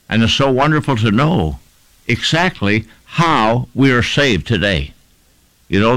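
There's almost no room echo on this close, dry recording of a man giving a sermon in a mid-range voice. His tone swings up and down with liveliness, and he leans into key words while building repetitive, rhythmic lists.

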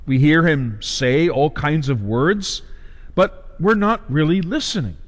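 A man preaching a sermon, emphatic and deliberate, posing questions to his listeners. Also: on the high side, lively intonation, long reverb tail.

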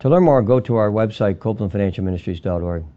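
Low, mellow man in a devotional spot. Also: quick pace. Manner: calm, instructive, cites scripture references. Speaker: radio ministry spot narrator. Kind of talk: scripted devotional radio spot. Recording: lo-fi radio spot.

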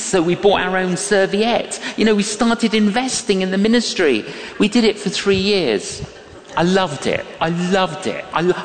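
A man preaching in a big, reverberant hall, speaking slowly and deliberately with a pitch that leaps up and down. He tells stories animatedly and acts out the voices in them. He sounds a touch distant from the mic. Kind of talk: sermon with anecdotes. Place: church or large hall. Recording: echoey hall, a little distant.

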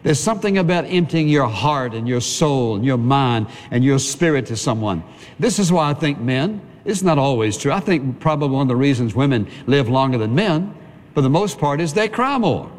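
A man delivers a sermon in an earnest, conversational way, stacking phrase upon phrase. His voice sits at a middling pitch. The sound carries the long reverb of a large hall. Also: animated, moderate pace, a little mellow. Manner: earnest, conversational preaching with repetition. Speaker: pastor.

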